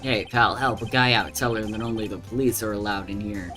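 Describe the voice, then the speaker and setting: A man doing a loud, blustering scruffy cop. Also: on the low side, steady tone, a little fast, lightly acted. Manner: loud, blustering, tough-guy slang. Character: brash scruffy male police detective. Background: background music.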